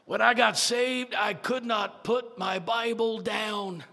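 High gravelly preacher guy telling his testimony, echoey hall. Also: fairly even intonation, takes it slowly, faint music behind. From Idaho, United States. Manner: fervent preaching with rising shouts. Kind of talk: sermon testimony.

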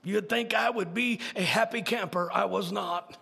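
A man preaching his testimony in a fervent sermon style, building to shouts. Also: high-pitched, normal speed, creaky, slightly rough, big-room sound. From Idaho, United States.

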